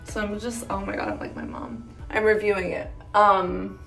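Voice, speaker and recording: A woman chatting her way through a skincare routine on camera, her voice sitting at an everyday middle pitch. She rambles freely and sounds worn out and a little loopy. Soft music plays faintly underneath. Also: big pitch swings, moderate pace, vocal fry. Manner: chatty, rambling, tired and loopy late at night. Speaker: skincare creator. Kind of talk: casual talking-to-camera skincare vlog.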